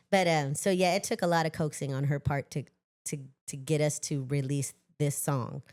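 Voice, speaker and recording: A middle-aged woman from Los Angeles talks casually as a podcast guest. Her voice sits on the low side, animated and self-mocking, with frequent laughs. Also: normal speed.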